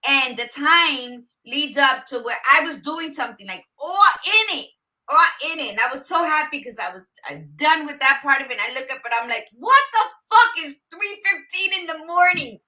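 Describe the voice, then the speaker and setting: Woman podcast cohost, high bright voice, blunt and swears a lot, tells it straight. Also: expressive, moderate pace, poor audio. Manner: blunt and profane, talks to herself bluntly. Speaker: podcast co-host. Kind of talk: casual chat.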